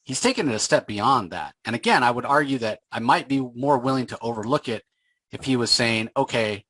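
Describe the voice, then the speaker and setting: A man hosting a casual comic book discussion, retelling scenes and acting out the characters' lines in quick voices. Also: medium pitch, expressive, fairly bright tone, no room sound. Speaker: podcast host.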